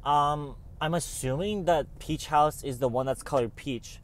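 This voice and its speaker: A man's voice: a little high, measured pace, hardly any pauses. A young man talking casually through a vlog as an art student, chatty and playful, calling the viewer babe. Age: young adult.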